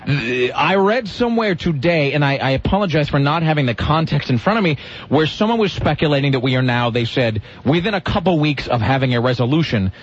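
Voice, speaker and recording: A man's voice: a little high, lively intonation, a little fast. A man hosting a radio talk show, rambling and joking in a self-deprecating way. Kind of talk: casual radio banter. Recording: dull lo-fi radio broadcast with faint music.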